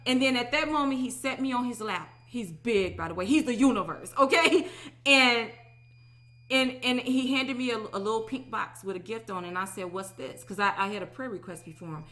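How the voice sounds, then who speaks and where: A woman in her thirties giving an animated, emphatic personal testimony, often asking "okay?". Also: a little high, fairly quick. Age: 30s. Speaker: religious teacher.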